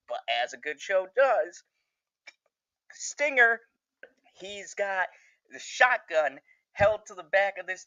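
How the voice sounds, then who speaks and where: Excitable, foul-mouthed male reviewer. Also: a little high, dry recording, highs cut off. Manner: profane, excitable, rambling. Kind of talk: casual recap review.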